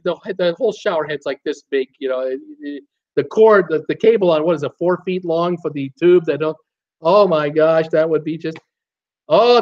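On a muffled recording, a high-voiced man runs a live cruise Q&A stream, reading out viewer comments and chatting casually. He's jokey and rambling, restarting often and frequently breaking into heavy laughter.

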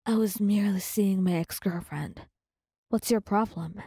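A woman's voice: mid-range voice, measured pace, mellow, husky, no echo, clean studio sound. A woman whispering as a cold, pushy ex-boyfriend in whispered role-play. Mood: sullen. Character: possessive male ex-boyfriend, pushy and dismissive.

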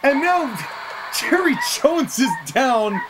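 A wrestling commentator calling the action play by play, excitable, openly taking sides, and quick to laugh. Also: high-pitched, background noise.

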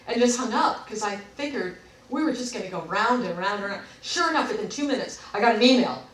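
Bright-voiced woman telling a story, echoey. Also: mid-range voice, a little fast. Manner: animated storyteller who acts out both sides of conversations. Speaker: vlogger. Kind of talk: casual storytelling to camera. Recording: echoey room, voice from a distance.

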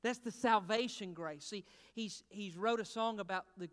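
Pastor guy preaching, high voice, goes from hushed to loud and back, asks the crowd questions, big echoey church hall. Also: normal speed. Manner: swings between hushed, intimate talk and loud, fervent preaching; calls out to the congregation with questions. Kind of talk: sermon. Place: church sanctuary. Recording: long reverb of a large hall.

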